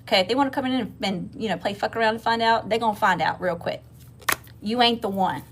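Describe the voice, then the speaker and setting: A woman's voice: mid-range voice, quick pace, noisy background. Southern woman giving a casual tarot reading. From Mississippi. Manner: casual, swears freely, addresses viewers as y'all. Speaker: tarot reader.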